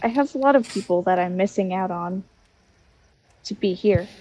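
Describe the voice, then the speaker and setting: A woman playing a young woman writer who misses her family, speaking softly and hesitantly. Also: mid-range voice, moderate pace, a little hiss or hum, natural voice, rough recording. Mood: heartfelt. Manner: soft, hesitant, heartfelt.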